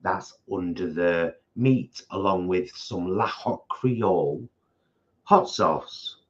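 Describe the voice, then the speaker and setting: A man's voice: low-pitched, slow pace, lo-fi sound. A man co-hosting a casual live food chat from his home kitchen, rambling and restarting his sentences. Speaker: co-host of a vegan food channel.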